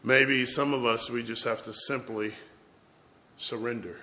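Man preaching with hushed-to-loud swings. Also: medium pitch, fairly even intonation, a little slow, crowd noise. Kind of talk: sermon.

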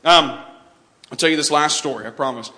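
A man's voice: a little high, a little fast, sharp tone. A young man from Texas preaching a sermon, telling a story with frequent restarts and repeated words.

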